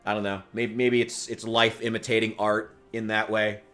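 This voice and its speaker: A man's voice: lowish voice, little pitch movement, moderate pace, a bit bright, soft background music. A man from the United States chatting casually while streaming a game, rambling and swearing with a wry edge. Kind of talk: casual gaming stream chat.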